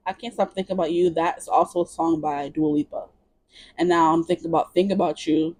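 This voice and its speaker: A woman's voice: lowish voice, brisk, warm tone, no echo. A woman giving a casual tarot reading to camera, chatty and playful, singing bits of songs. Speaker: tarot reader.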